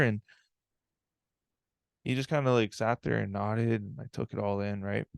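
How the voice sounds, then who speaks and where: A man's voice: fairly low pitch, fairly even intonation, moderate pace, gravelly, long pauses, no echo, clean studio sound. A man giving a live online talk, telling a personal story in an earnest, reflective way and often checking in with "right?".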